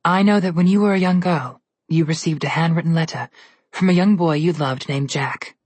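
A woman voicing a cold, mocking evil queen who speaks from a mirror, low and whispery. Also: normal speed, darkish tone, dry recording. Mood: taunting.

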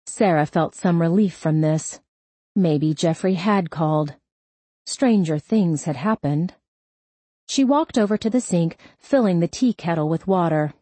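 Husky low-voiced woman narrating a novel. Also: unhurried, warm tone, no echo. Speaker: audiobook narrator. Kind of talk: scripted narration.

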